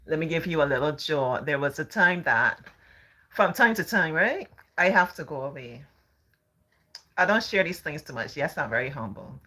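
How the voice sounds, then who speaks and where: Low-voiced Barbadian woman with a sing-song drawl. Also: animated, moderate pace, pushed and bright, slightly rough. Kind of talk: storytelling talk.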